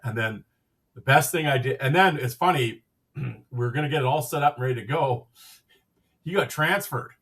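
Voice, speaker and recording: A man's voice: medium pitch, fairly bright tone, recorded from a distance. A man hosting a podcast, telling a casual, rambling story and acting out the dialogue with "I'm like" and "he goes.". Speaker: podcast host.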